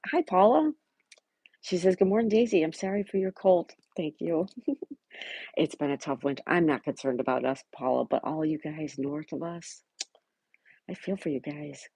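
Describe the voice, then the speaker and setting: A woman's voice: deep voice, normal speed, breathy edge, no echo. A woman from Buffalo, New York, hosting a casual livestream, reading viewers' comments aloud and greeting each of them by name. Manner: greets viewers by name and chats back warmly. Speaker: livestream host.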